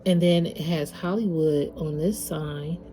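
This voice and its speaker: A woman with a low, warm voice leads a spiritual tarot reading from home. She talks in a loose, slangy way and addresses her viewers directly. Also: a little slow, a little hiss or hum. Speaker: tarot reader.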